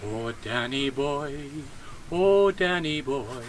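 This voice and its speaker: A man singing a tender ballad slowly at an outdoor graveside. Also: mid-range voice, expressive, a little hiss or hum. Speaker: funeral singer. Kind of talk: slow sung ballad.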